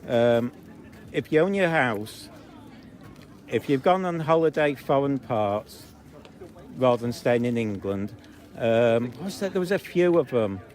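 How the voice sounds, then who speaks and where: A man's voice: medium pitch, animated, unhurried, long pauses, a little mellow, slight background noise. A man from Zambia arguing outdoors on a city street with protesters while filming on a handheld phone, talking bluntly and mockingly and rambling with lots of ums. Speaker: street filmer. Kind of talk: confrontational street argument.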